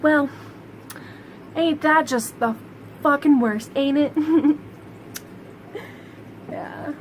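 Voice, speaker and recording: A woman's voice: high voice, takes it slowly, long pauses, slight background noise, rough recording. A woman vlogger delivering a heated, sarcastic monologue to camera, swearing constantly. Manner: profane, heated, sarcastic ranting.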